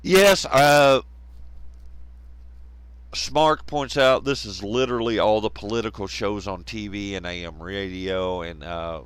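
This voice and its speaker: Brief: male live streamer, unhurried, rambling and jokey, dry close sound. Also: on the low side, clear, resonant tone, dry recording. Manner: rambling, laughs often, banters with chat. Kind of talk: casual live stream chat.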